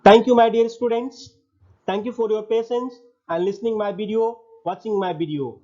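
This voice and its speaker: A man's voice: high voice, steady tone, normal speed, a little mellow. A male lecturer reading his slide points and then restating them in a recorded online lesson. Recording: dull lo-fi audio.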